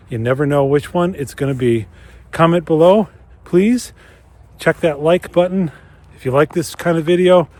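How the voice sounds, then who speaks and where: A chatty, enthusiastic man from Minnesota talks to his viewers while out on a cold winter trail. He narrates casually into a handheld camera mic and keeps the tone friendly and upbeat. His pitch sits in an ordinary middle range. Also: a little mellow. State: slightly out of breath while walking fast. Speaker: geocaching vlogger. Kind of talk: casual outdoor vlog narration.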